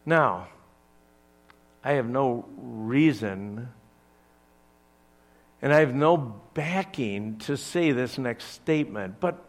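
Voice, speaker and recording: A man preaching a sermon, telling the story with big swings between loud emphasis and hushed lines. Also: mid-range voice, expressive, slow pace, pauses often. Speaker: pastor.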